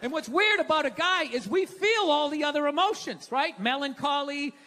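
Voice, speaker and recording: A male stand-up comic on stage, ranting in a very high, sharp, forceful voice. He swears freely and sounds exasperated and animated as he builds his bit. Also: moderate pace. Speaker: stand-up comedian. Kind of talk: stand-up comedy routine.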